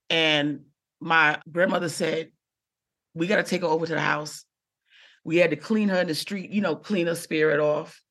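With a fairly high, sharp-toned voice, a woman appearing as a guest comic recounts a tale in casual talk, playing out each quoted person with theatrical gusto.

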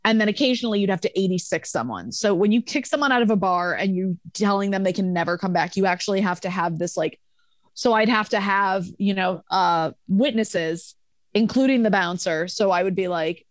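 A young adult woman, a podcast guest, telling a bar story in a casual, profane, animated way with acted-out quotes. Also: mid-range voice, fairly quick, no echo.

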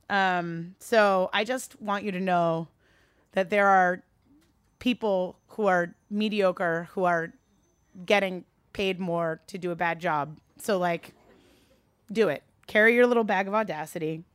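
A woman giving a candid, animated talk to a live audience, swearing freely and rising into a high register when worked up. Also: unhurried, clear, resonant tone, dry recording, clean studio sound. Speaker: speaker addressing a live audience.

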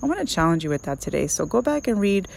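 A woman's voice: lowish voice, sing-song, quick pace, gravelly, darkish tone, slight background noise. Chatty woman, earnest faith talk. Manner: earnest and chatty, full of fillers and restarts. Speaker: podcast host.

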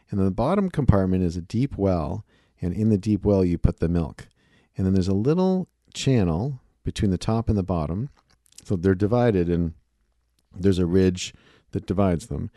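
A man's voice: sits low, mellow, dry recording, clean studio sound. A man hosting a casual solo show, rambling in a playful, self-deprecating way. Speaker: podcast host.

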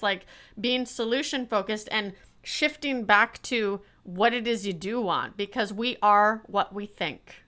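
A woman hosting a casual interview, talking as a coach in an animated way and acting out the voices she quotes. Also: on the high side, a little slow, few pauses, clear, resonant tone. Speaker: podcast host and coach.

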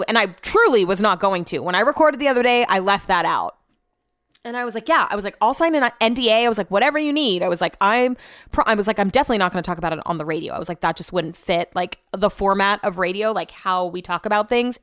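A young woman hosts her podcast, recounting a story in a chatty, animated way with the odd curse. Her voice is smooth and clear. The close mic sounds dry, with no room around it. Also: mid-range voice, no echo. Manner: chatty, animated, swears when annoyed. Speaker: podcast host. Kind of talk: casual storytelling monologue.

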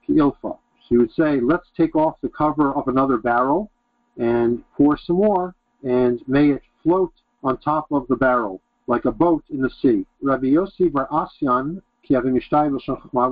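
A man's voice: mid-range voice, no echo, phone-quality sound. Brief: male teacher reading and glossing an old text line by line, dry, phone-thin sound. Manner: reads Aramaic phrases then translates them in short bursts. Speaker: Talmud teacher. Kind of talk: reading and explaining a text aloud.

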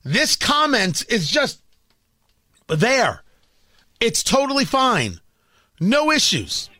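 Fired-up radio host guy ranting, high lively voice, bright and dry. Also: slow, dry recording. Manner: combative, ranting, repeats and restarts words. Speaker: radio talk show host. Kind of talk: opinionated talk radio monologue.

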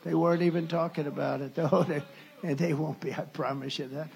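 A man's voice: a little high, fairly even intonation, fast talker, vocal fry, darkish tone, slight background noise. A male candidate giving a campaign rally speech, rambling and sarcastic, often breaking off mid-sentence to restart. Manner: rambling, sarcastic, with self-interruptions. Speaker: presidential candidate.

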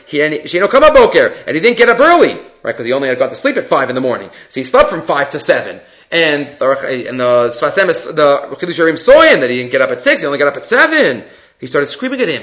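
A man teaching a Torah class, telling stories with animated, sing-song emphasis. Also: fairly high pitch. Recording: dull lo-fi recording.

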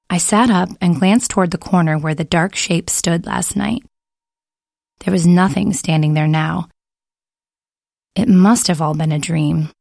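A woman narrating a first-person horror story with a measured, brooding delivery. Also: on the low side, creaky, darkish tone, no echo, studio quality.

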